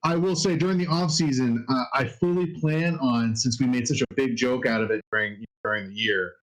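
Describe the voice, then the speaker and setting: A man co-hosting a sports podcast, talking in halting restarts and swearing often. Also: medium pitch, rough recording. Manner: halting, repeats himself, swears. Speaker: podcast co-host. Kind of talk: casual sports chat.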